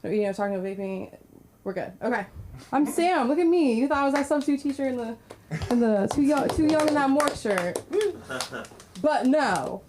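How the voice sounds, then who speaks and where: A woman's voice: high voice, lively intonation, normal speed. A woman emceeing a comedy night with an upbeat, joking delivery as she runs through the house rules and brings up the next act. There is a faint hiss of noise behind her voice. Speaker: open mic host. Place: comedy club stage.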